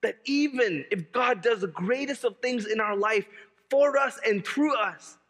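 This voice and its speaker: A male pastor delivering a lively, joking sermon and driving points home by repeating them. His voice is high and bright, with a long reverb tail from a large hall. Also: measured pace. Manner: animated, humorous, repeats key phrases.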